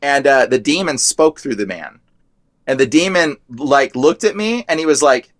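A man's voice: mid-range voice, animated, normal speed, no room sound. A young man telling his story as a guest in a casual chat, rambling and filling his talk with "like". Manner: rambling, heavy use of "like".

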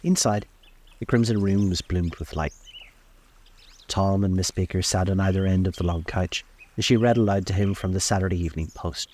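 A man reading a novel aloud in a calm, measured way, recorded outdoors on a lakeside deck. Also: low-pitched. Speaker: storyteller.

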